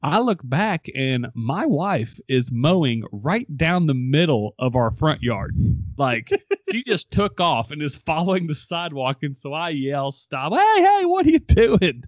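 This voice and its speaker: Animated young man telling a story. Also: a little high, measured pace, no room sound. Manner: animated storyteller, acts out quotes, laughs often. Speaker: podcast host. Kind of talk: casual chat, storytelling.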